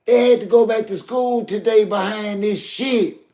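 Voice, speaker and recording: Gravelly man on a live stream. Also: high voice, steady tone, unhurried, warm tone, reverberant. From Southern US. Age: older. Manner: heated, preachy, addresses chat directly. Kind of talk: emotional live stream talk.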